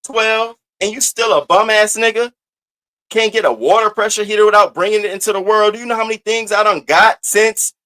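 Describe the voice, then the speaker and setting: Bright, high-voiced man trash-talking. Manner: profane, taunting, trash-talking. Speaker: host. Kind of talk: roast-style live rant.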